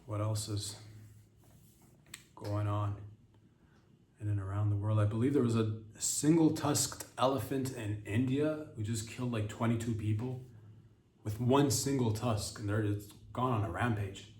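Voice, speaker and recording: A man hosting a comedy podcast, rambling through crude, deadpan absurd stories in a casual monologue. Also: fairly low pitch, measured pace. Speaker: podcast host. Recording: roomy sound, distant from the mic, faint background hiss.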